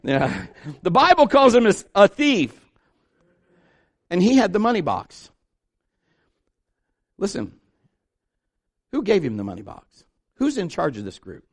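Man preaching a folksy sermon. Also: sits high. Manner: folksy storytelling with rhetorical questions. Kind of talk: conversational sermon.

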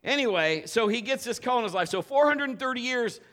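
A man pastor preaching a lively live sermon, urging his congregation to join in. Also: very high voice, a little fast, slight background noise. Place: church sanctuary with a congregation.

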